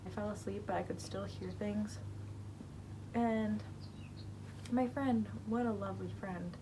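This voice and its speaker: A woman's voice: medium pitch, fairly even intonation, a little slow, background noise. A teenage girl vlogging, chatting casually about her embarrassing moments with lots of "like" and rambling asides. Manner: chatty, rambling, heavy use of "like". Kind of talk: casual storytelling to camera.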